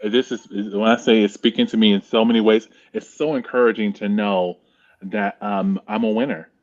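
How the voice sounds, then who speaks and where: A man's voice: fairly low pitch, steady tone, normal speed, no echo, muffled recording. A man in a group book discussion who reflects aloud, asks rhetorical questions and laughs easily. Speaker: discussion guest.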